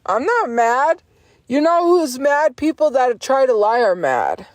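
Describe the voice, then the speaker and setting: A woman's voice: high voice, very animated, unhurried, no echo. Defiant, foul-mouthed woman streamer. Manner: profane, insistent, defiant, repeats herself. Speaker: livestreamer. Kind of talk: livestream rant at chat.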